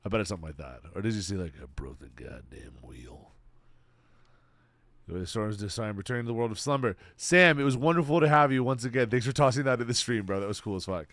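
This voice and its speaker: Man, streamer, casual livestream chat, laid-back, swears casually, mid pitch, dry room. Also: expressive, rapid-fire, few pauses, fairly bright tone, no echo.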